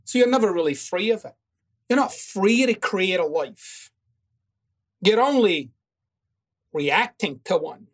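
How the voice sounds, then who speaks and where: A man's voice: high voice, expressive, unhurried, long pauses. A man delivers a self-help monologue in a blunt, confrontational way. He swears often and presses the listener with pointed questions. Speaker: host of a self-help talk show. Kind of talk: motivational monologue.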